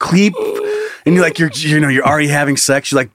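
A man's voice: a little high, fairly even intonation, fast, fairly bright tone. A man co-hosting a comedy podcast, joking and acting out bits in silly voices in casual chat. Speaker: podcast co-host.

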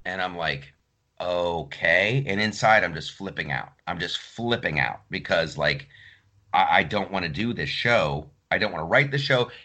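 A man's voice: deep voice, moderate pace, bright, forceful tone. A man telling a story in casual podcast chat, acting out other people's lines. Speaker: podcast host.

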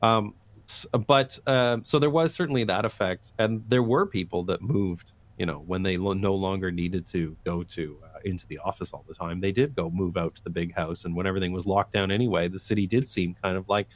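A man's voice: low-pitched, steady tone, brisk. A man, a guest on an interview, talking at length in a casual, chatty way with frequent restarts. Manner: talkative, explains at length with many restarts. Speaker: guest, urban design YouTuber.

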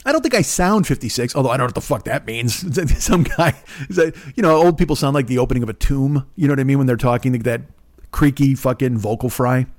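A man in his fifties hosting a podcast, rambling in a casual, profane monologue with sarcastic asides and a smooth voice. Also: medium pitch, fast talker. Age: 50s. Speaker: podcast host.

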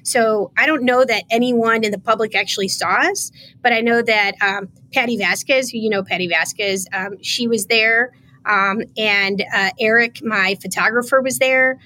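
A woman's voice: on the high side, moderate pace. A woman guest on a podcast, emotional as she tells a story in conversation and acts out the quoted lines. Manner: animated, acts out quoted dialogue. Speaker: podcast guest, state official.

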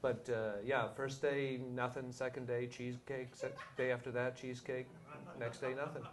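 A man's voice: medium pitch, little pitch movement, crowd noise. Stammering man as podcast guest. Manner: halting, stammering, self-deprecating. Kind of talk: casual interview chat.

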